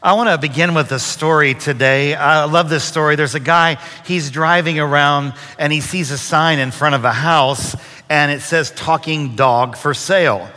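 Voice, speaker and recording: A man preaching a sermon as a guest speaker, telling a folksy joke in a relaxed, conversational way before turning to a Bible story. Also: a little high, normal speed. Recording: long hall reverb.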